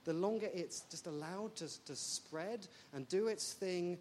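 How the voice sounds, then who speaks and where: A woman from England, preaching a sermon in an animated, jokey way full of rhetorical questions. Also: lowish voice, a little slow, hardly any pauses, slight background noise.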